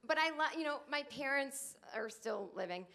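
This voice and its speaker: A woman in her late thirties doing a stand-up comedy set on a club stage, acting out other people's lines in shrill put-on voices. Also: lively intonation, normal speed, fairly bright tone. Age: 30s.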